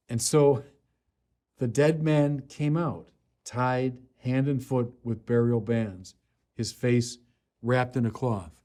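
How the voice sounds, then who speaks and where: A middle-aged man preaching a sermon, slow and deliberate, building to emphatic declarations. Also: a little high.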